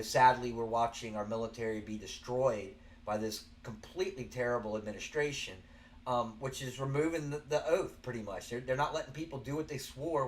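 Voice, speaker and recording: This is a man with a Southern American accent, hosting a show and talking off the cuff in an earnest, rambling way. His pitch sits in an ordinary middle range, and he often restarts his sentences. Faint background noise hums under his voice. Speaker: show host. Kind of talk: casual spoken commentary.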